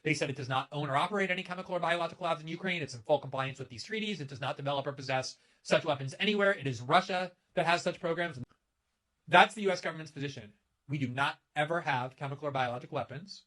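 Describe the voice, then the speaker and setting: A man's voice: fairly high pitch, bright, forceful tone. A man delivering an emphatic, sharply critical political commentary to camera. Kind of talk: scripted commentary video.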